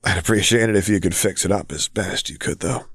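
Calm young guard, as a narrator puts him on, easy and reassuring, very deep, dry. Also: male voice, fairly quick, breathy edge, dry recording, exaggerated voice.

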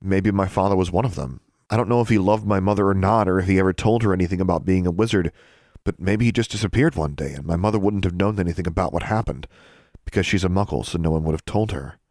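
A man's voice: low voice, fast talker, darkish tone, no echo, clean studio sound. A man voicing a stubborn, curious teenage girl witch in a storybook reading, insistent and defiant.

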